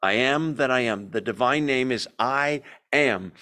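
A man's voice: mid-range voice, a little slow, bright, forceful tone. A man teaching a Bible study in a conversational way, asking the group questions and telling the story with energy.

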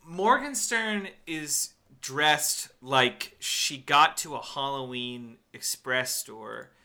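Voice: mid-range voice, lively intonation, takes it slowly, sharp tone. A podcast co-host ranting sarcastically about a bad movie in casual, profane banter.

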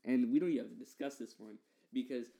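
A man's voice: medium pitch, quick pace, warm tone. A young man co-hosting a podcast, bantering and arguing goofy hypotheticals in a playful way. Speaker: podcast co-host. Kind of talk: casual banter.

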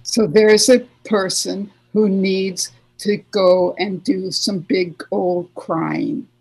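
A woman therapist with a gravelly, husky voice of middling pitch speaks earnestly in an interview. She repeats key phrases and slips into little voiced examples of self-talk. Her tone is warm and practical. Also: steady tone, takes it slowly, low-quality recording. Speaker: therapist guest. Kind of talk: conversational advice interview.

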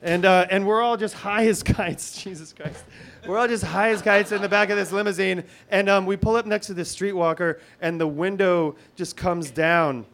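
A middle-aged man telling a comic personal story, halting and full of restarts, swinging between hushed and excited. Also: sits high.

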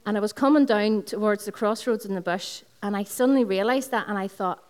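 Northern Irish woman, lead pastor, mid-pitched, preaching a Sunday sermon in a school hall, story-driven and repetitive. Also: brisk, a little mellow. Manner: personal storytelling with repeated phrases, talks to the congregation.

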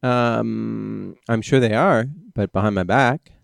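A man co-hosting a casual chat, teasing with dry, deliberate questions. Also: fairly low pitch, vocal fry, no room sound.

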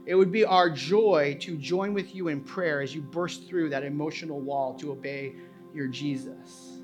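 A male pastor preaching a sermon, moving from quiet personal confession to loud, impassioned preaching. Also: on the high side. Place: church sanctuary.

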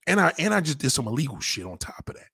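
A man delivering a crude, profane comic rant, animated and acting out the people he talks about. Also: on the high side, racing, gravelly, breathy edge. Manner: profane, animated, acts out voices. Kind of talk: crude stand-up style rant.

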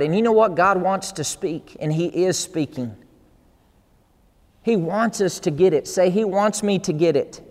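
A man's voice: high-pitched, in a large hall. A male pastor preaching a sermon in an earnest, repetitive way that builds to emphatic peaks.

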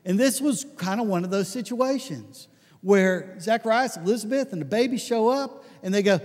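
A man preaching a conversational sermon, telling stories with lots of restarts and animated asides. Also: high voice, normal speed, long reverb tail. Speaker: pastor.

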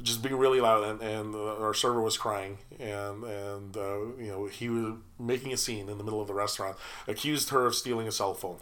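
A man's voice: on the low side, steady tone, a little fast, a bit bright. A middle-aged man telling work stories in casual chat, stumbling through restarts and repeated words and laughing often.

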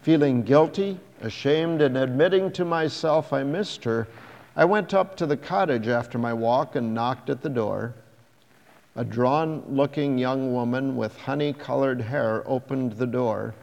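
A man narrates a first-person story in a measured, reflective manner, taking his time with each sentence. His voice is gravelly, with noticeable fry, and a long hall reverb hangs behind it. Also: mid-range voice, darkish tone, lo-fi sound.

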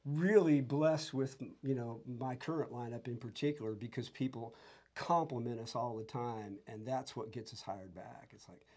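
Man, musician guest, casual chat, relaxed, frequent restarts. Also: medium pitch, moderate pace. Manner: relaxed and chatty, with many restarts and laughs. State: has tinnitus from years of loud music. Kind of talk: casual conversation.

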